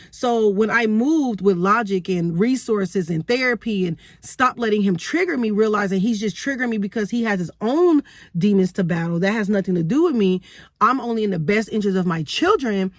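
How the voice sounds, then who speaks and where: Woman, 30s, earnest, rhetorical questions, frequent "right?", medium pitch, dry room. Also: animated, fairly quick, no room sound. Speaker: vlogger sharing parenting experience. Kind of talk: personal story to camera.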